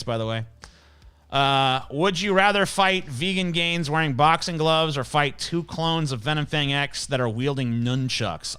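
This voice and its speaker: A male host tears into his targets with blunt, scornful, profanity-laced commentary. His voice sits a little high and sounds bright and clear, and he switches between offhand asides and heated rants. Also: moderate pace.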